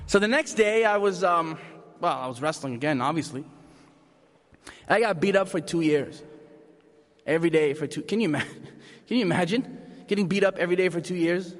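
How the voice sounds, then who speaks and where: A man's voice: a little high, brisk, pauses often. A man from Canada doing stand-up storytelling and laughing at his own punchlines, recorded in a reverberant hall. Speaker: stand-up comedian.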